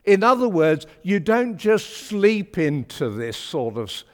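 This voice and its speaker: A man's voice: high voice, sing-song, unhurried. A man preaching a sermon in a church, chatty, wry and emphatic. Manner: chatty, wry and emphatic, with homely British turns of phrase. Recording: long hall reverb of a church.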